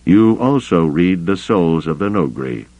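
A man's voice: deep voice, animated, a little slow, a little mellow, dry recording, poor audio. A man voicing a grave, formal alien pilot. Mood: ceremonial. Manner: solemn, ceremonial phrasing.

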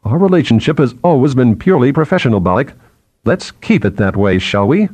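A man's voice: medium pitch, big pitch swings, fairly quick, a little mellow, no room sound, pitched above the performer's own voice. A man voicing a curt, cool-headed female archaeologist in an audiobook. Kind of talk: audiobook character voice.

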